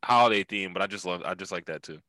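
A man's voice: sits low, fast, pushed and bright, dry recording, low-quality recording. A young man hosting a podcast in laid-back casual chat, swearing often and calling his guest dude. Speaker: podcast host.

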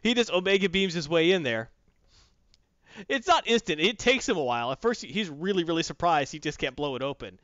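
A man's voice: on the high side, brisk, no echo. A man chatting casually and animatedly, retelling a story and acting out parts, recorded dry and muffled. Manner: animated storyteller, acts out voices. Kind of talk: casual chat recapping a comic.

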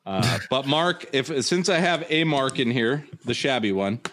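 A man's voice: mid-range voice, lively intonation, unhurried, a bit bright, a little hiss or hum. Rambling jokey man hosting a chat. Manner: rambling, jokey, breaks into silly voices. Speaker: host. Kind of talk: casual chat while unboxing collectibles.

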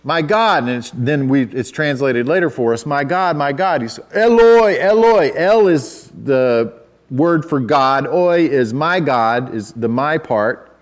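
With a medium-pitched voice and a slightly slow pace, a pastor delivers a conversational sermon, restarting sentences and making self-deprecating asides. Quoting scripture, he lifts into loud, emphatic cries.

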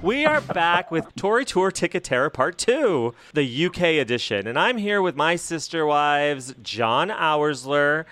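A man hosting a casual podcast chat, playful and quick to laugh. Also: a little high, animated, fairly bright tone, slight background noise. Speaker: podcast host.

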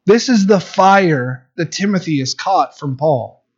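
A man's voice: on the high side, expressive, measured pace. A man in his thirties preaching a sermon as a pastor, earnest and conversational, with frequent restarts. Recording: dull lo-fi recording.

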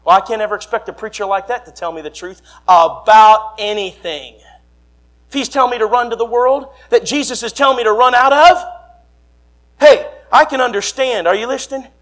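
A young man, preaching a fiery revival sermon and swinging between quiet asides and shouts. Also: a little fast. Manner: fiery, shouting, sweeping swings in pitch and volume. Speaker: traveling preacher.

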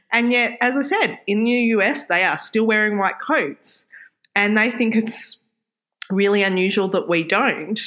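A woman in her forties from Australia, co-hosting a podcast in casual chat, talking in an animated, frank way with mild swearing. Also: on the high side. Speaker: podcast co-host.

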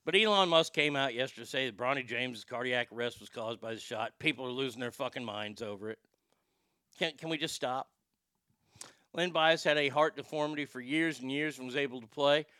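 A man's voice: medium pitch, a little fast, pushed and bright, clear, resonant tone, no echo. A man hosting a show and delivering heated, sarcastic ranting commentary that is full of profanity. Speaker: show host.

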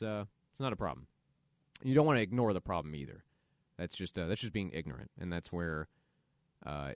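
A man's voice: low voice, dry recording, studio quality. A man hosting a solo podcast, talking earnestly and conversationally about self-compassion as motivational advice. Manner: earnest, conversational, acts out quoted inner voices. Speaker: podcast host.

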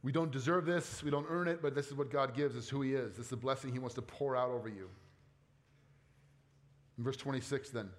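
A man's voice: medium pitch, fairly even intonation, brisk. A middle-aged man, a pastor preaching a sermon in a conversational way, often asking the congregation questions.

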